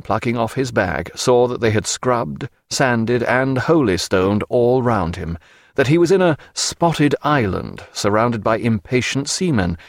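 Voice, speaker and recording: A man reads a novel aloud in a measured, expressive way. His pitch moves a lot across each line. The recording is dry and close. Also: no room sound. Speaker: narrator. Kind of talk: audiobook narration.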